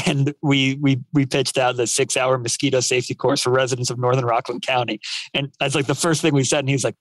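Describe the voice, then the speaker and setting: A man's voice: mid-range voice, brisk, no echo, rough recording. A man co-hosting a casual podcast chat, telling stories with energy and breaking into laughter along the way. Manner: animated storyteller, laughs mid-story. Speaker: podcast co-host.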